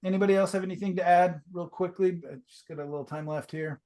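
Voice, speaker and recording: A man's voice: high-pitched, fairly even intonation, quick pace, darkish tone. A man teaching a painting class, giving casual, enthusiastic feedback over a video call. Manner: casual, enthusiastic, chatty with fillers.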